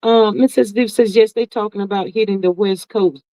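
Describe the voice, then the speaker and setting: A woman hosting a casual livestream, reading viewer comments aloud and reacting in a sassy, drawn-out way, calling everyone "child" and "honey". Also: mid-range voice, steady tone, dark tone, no echo. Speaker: livestream host. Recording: dull, lo-fi, dry sound.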